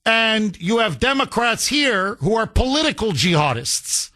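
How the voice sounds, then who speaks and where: A talk radio host, speaking in a high, bright voice. He argues emphatically and fires off rhetorical questions that he answers himself. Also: big pitch swings, measured pace, hardly any pauses. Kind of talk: opinionated talk radio monologue.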